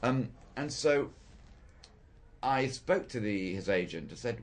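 A man's voice: fairly low pitch, lively intonation, takes it slowly, a little hiss or hum. Older man, hesitant thoughtful recollection. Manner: thoughtful, hesitant with frequent ums and restarts. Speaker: theatre director. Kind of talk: reflective interview recollection.

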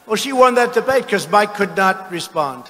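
Older man shouting mockingly in an arena. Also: high-pitched, animated, moderate pace, slight background noise. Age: 70s. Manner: boastful, mocking, bursts into shouting. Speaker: politician speaking at a rally. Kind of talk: political rally speech. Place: large arena with crowd. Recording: arena with long reverb.

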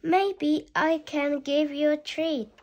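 A woman's voice: high-pitched, steady tone, slow. A woman voicing a young, good-natured little girl witch in a children's storybook read-aloud. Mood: eager. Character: young well-behaved girl witch, sad then proud.

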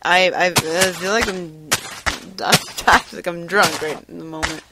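A man with a fairly high, fairly even voice talks at a normal speed. He's a gameplay commentator doing casual let's-play commentary, rambling hyperactively over his game while giggling and making random noises. The home recording is noisy.

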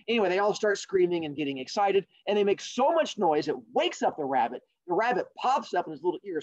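A man hosting a podcast, telling a fable in a casual, jokey, animated way. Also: sits high, brisk, few pauses, dull audio. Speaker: podcast host. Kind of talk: casual storytelling.

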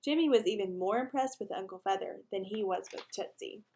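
A woman reading a children's chapter book aloud in an animated way, slowing for emphasis and putting questions to young listeners. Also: medium pitch. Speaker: reader.

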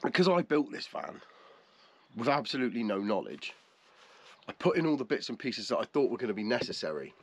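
A man's voice: mid-range voice, sing-song, a little fast. A man vlogging casually, chatty and self-mocking, from in and around a camper van. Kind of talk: casual vlog talk to camera.

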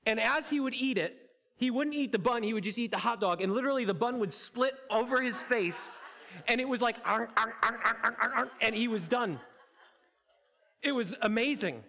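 Guy preaching to his church, pretty high voice, jokey and chatty with the crowd. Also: normal speed, a bit bright. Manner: playful, interactive, addresses congregation directly. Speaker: campus pastor. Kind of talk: sermon. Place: church auditorium.

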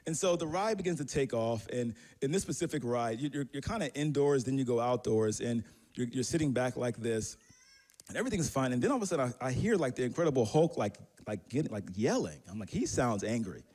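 A man's voice: medium pitch, lively intonation, fairly quick, a little mellow. A man preaching a sermon as pastor, telling a personal story in a conversational, self-deprecating way with many fillers and restarts.

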